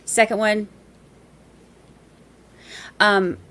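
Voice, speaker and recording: A woman's voice: medium pitch, steady tone, drawn-out words, a bit bright. A woman hosting a casual livestream, reading viewer messages aloud and chatting in a rambling, easygoing way with easy laughs.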